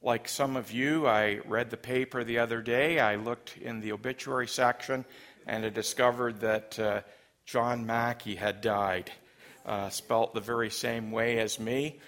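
A man's voice: medium pitch, fairly even intonation, measured pace, fairly bright tone. A Canadian man preaching a sermon in a conversational, humorous way, with frequent ums and uhs. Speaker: pastor.

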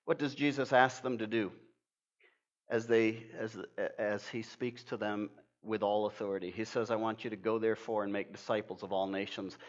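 A man's voice: fairly low pitch, steady tone, normal speed. An older man preaching a sermon, earnest and emphatic, telling stories with frequent restarts. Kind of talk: sermon with storytelling. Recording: dull lo-fi sound.

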